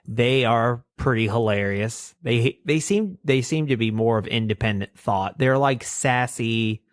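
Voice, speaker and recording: A man's voice: mid-range voice, measured pace, no room sound. A man co-hosting a podcast, chatting casually about cartoons, rambling and laughing at his own stories. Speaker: podcast co-host. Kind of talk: casual chat reviewing cartoons.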